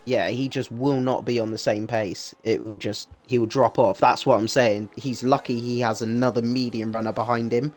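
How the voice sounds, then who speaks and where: A man's voice: mid-range voice, fairly even intonation, normal speed, few pauses, a little mellow. Male co-commentator, analytical, stop-start delivery. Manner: analytical, repeats words when restarting. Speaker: race commentator. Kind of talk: sim racing co-commentary.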